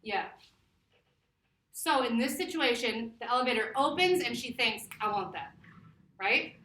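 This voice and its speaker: A woman teacher giving a classroom lesson, lively and laughing, stretching words out slowly to model them. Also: fairly high pitch, a little hiss or hum. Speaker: Spanish teacher. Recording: echoey classroom from far off.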